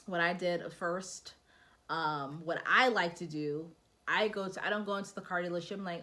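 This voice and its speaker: Chatty young woman vlogger, lowish voice. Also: normal speed, pushed and bright. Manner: chatty, acts out quoted dialogue. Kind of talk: casual advice vlog.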